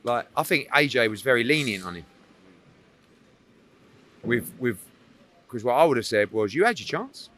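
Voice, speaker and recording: A man's voice: mid-range voice, moderate pace, pauses often, fairly bright tone. A middle-aged man, a boxing promoter, answering media questions bluntly and retelling a confrontation with mocking voices.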